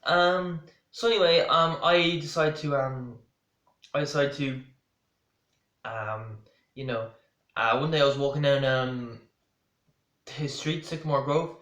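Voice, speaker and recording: A man's voice: mid-range voice, fairly even intonation, unhurried, long pauses, fairly bright tone. A man with an Irish accent telling a story to camera in a rambling way, full of restarts and asides. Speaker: vlogger. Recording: roomy echo.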